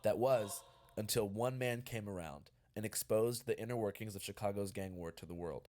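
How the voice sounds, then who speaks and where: A man giving scripted documentary narration in a measured, even delivery. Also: fairly low pitch, slight background noise.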